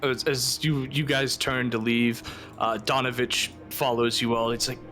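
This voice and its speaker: A man's voice: mid-range voice, level tone, measured pace, pushed and bright, faint music behind. A man narrating a tabletop game as game master, casual and often restarting his words. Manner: casual, with stammered restarts and laughs.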